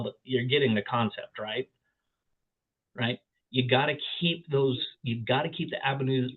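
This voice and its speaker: A man teaching a negotiation class in an animated way, often repeating words and asking rhetorical questions. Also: medium pitch. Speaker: real estate trainer. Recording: tinny phone-like audio.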